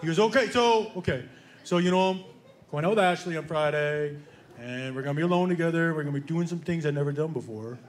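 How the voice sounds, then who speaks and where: High-voiced man doing stand-up. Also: fast. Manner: animated storytelling, acts out both sides of a dialogue. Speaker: stand-up comedian. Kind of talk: stand-up comedy storytelling. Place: comedy club stage with live audience. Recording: live club room echo with crowd laughter.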